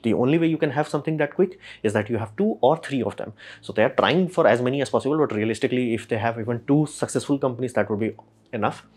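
A man, casually explaining rocket industry news as a channel host and acting out quick imagined exchanges. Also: medium pitch, darkish tone, slightly rough. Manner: rapid, filler-heavy, acts out imagined dialogue.

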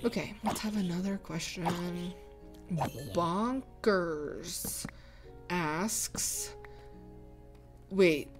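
A woman's voice: lowish voice, extremely slow, long pauses, over music. A young woman chatting casually and rambling as she answers viewer comments, laughing often. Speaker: gaming channel host.

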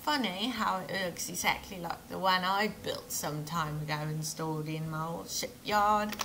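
A woman voicing a boastful male shipbuilder in a put-on English accent that slips toward Australian, with a slow, drawling delivery. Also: lowish voice, creaky, background noise. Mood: chatty. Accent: put-on English turning Australian.

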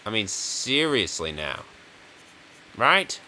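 A man's voice: lowish voice, very animated, slow pace, bright, forceful tone, a little hiss or hum. A man casually commenting while playing a video game, rambling and jokey, chuckling often. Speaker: gaming video host. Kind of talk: casual let's-play commentary.

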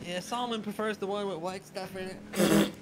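A man's voice: sits high, steady tone, normal speed, very noisy. Cocky man in a put-on slang accent. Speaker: roleplay character. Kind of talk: game roleplay banter.

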